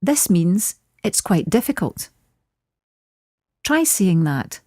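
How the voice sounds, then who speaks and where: A woman teaching a short scripted language lesson, saying phrases slowly and clearly for learners to repeat. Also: lowish voice, big pitch swings, mellow, dry recording, clean studio sound. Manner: clear, slow modelling of phrases.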